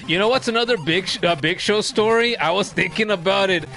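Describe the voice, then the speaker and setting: With faint music in the background, a man in his thirties casually chats on his game stream, rambling and swearing as he laughs through funny stories. His high-pitched voice is fairly quick, bright, and forceful.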